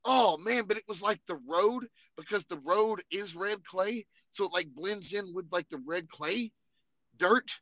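A man co-hosting a podcast, telling animated, profane, laughing war stories in casual chat. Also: sits high, unhurried, dry recording, dull audio. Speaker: podcast co-host.

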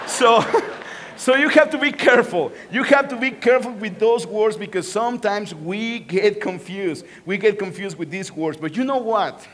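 Pastor guy w a spanish accent, fairly high voice, lively and jokey sermon. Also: moderate pace, a little hiss or hum. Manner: animated, joking with the congregation.

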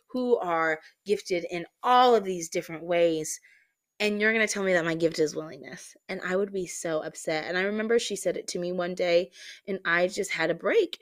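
A young adult woman hosting a faith-themed podcast, telling a personal story in a candid, animated way with many fillers. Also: lowish voice, no echo. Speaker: podcast host.

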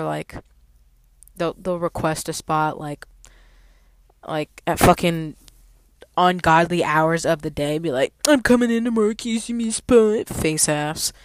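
A woman's voice: low-pitched, smooth, no echo. A woman telling a storytime rant about her parking job in a blunt, profane, sassy way, with sudden emphatic outbursts. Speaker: valet parking attendant.

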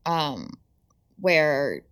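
A lower-pitched woman talking casually as a podcast co-host. She laughs easily and trips over her words. The recording is dry and close, with no room sound. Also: sing-song, drawn-out words, a bit bright, clean tone, no echo. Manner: chatty, laughing, many restarts. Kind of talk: casual chat reviewing old TV.

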